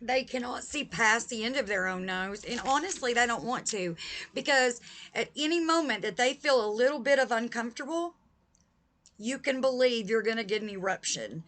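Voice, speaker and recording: A woman's voice: fairly high pitch, animated, normal speed, a bit bright. A woman talking to camera in a vlog, emphatic and heated, addressing her viewers directly. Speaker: vlogger.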